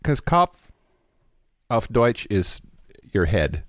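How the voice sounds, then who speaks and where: A man's voice: on the low side, sing-song, extremely slow, dry recording, studio quality. A man co-hosting a podcast, teasing his co-host with wry jokes in casual banter.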